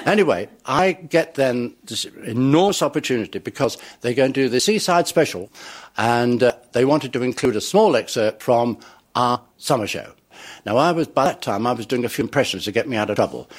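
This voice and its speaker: A man's voice: mid-range voice, husky. An older man, an entertainer telling chuckling stories about his career and acting out the people in them. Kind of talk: anecdotal storytelling.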